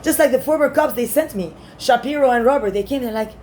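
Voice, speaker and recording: A woman in a rambling, agitated monologue to camera, swearing often and jumping from point to point, sometimes breaking into shouts. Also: sits high, fast, a little hiss or hum. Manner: agitated, profane, jumps between topics, bursts into shouting.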